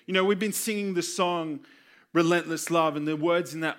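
A man delivers a sermon in a fairly high voice, earnest and personal. He tells scripture stories and his own experience, and slips into the voices of the people he quotes. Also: steady tone, moderate pace, fairly bright tone. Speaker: preacher.

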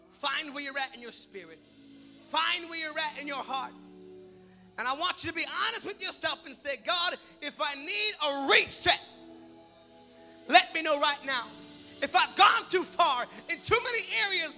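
Very high bright preacher guy, yells then goes soft, big echoey church hall, music under it. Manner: shouting and rising in bursts, then quiet prayer. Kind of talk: sermon. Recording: long hall reverb with music behind.

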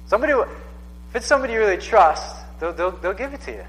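A man's voice: high voice, expressive, quick pace, fairly bright tone, in a large hall, poor audio. A man in his thirties preaching a sermon in a casual, conversational way, often repeating himself for emphasis. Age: 30s. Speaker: pastor.

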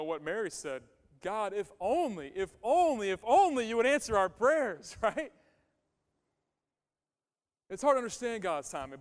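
A man's voice: fairly high pitch, clear, resonant tone. A male pastor giving a conversational sermon, emphatic and repeating his key phrases. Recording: long hall reverb.

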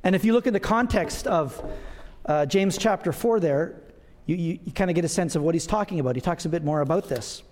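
A man's voice: a little high, a little fast, darkish tone, big-room sound. A middle-aged man preaching a sermon to his congregation in a conversational, self-deprecating way, with asides of humor. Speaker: pastor. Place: church sanctuary.

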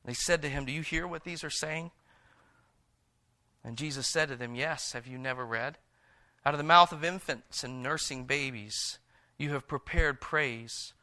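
A man preaching a sermon who reads scripture slowly and hushed, then retells it in lively everyday words. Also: medium pitch. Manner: reads scripture in a slow, hushed voice and paraphrases in a lively, animated one.

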